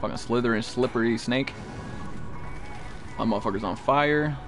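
A gameplay streamer with a medium-pitched voice and normal speed swears constantly through his live survival-game session. He talks with a teammate and lets out startled yelps at monsters, excitable throughout, over faint music.

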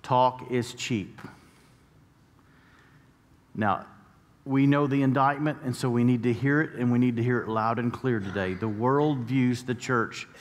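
In a church sanctuary with long hall reverb, an American male pastor preaches in a medium-pitched, unhurried voice with long pauses, and the recording's highs are cut off. He tells stories and rises to emphatic peaks.

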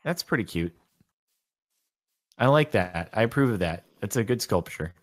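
A man's voice: lowish voice, animated, moderate pace, slight background noise. A man streaming a game in casual chat, laid-back and dry, laughing easily.

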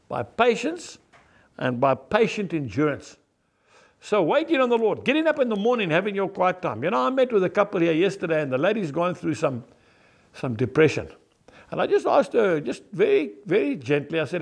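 A man's voice: high voice, sing-song, normal speed, vocal fry. A man preaching a folksy, emphatic devotional sermon, talking straight to his viewers as "folks". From South Africa. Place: on his farm.

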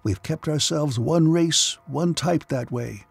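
Brief: composed male alien doctor, grave and patient, rough-textured; a man reads him. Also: fairly high pitch, slow, dry recording, faint music behind, voice pushed up, exaggerated voice. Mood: calm. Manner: calm, sober, thoughtful. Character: calm, sober male alien psychotherapist.

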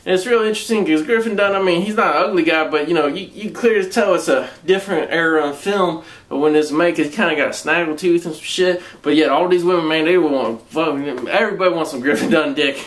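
A man's voice: fairly high pitch, fast talker, few pauses, fairly bright tone. A man with a Southern US accent reviewing a movie in a rambling, casual way, swearing constantly and using slang.

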